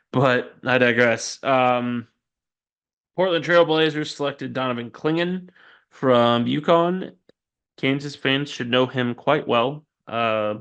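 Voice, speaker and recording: Unhurried, smooth-voiced man hosting a podcast. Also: mid-range voice, a bit bright. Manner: chatty and self-deprecating, frequent ums and asides. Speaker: podcast host. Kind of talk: casual sports news roundup.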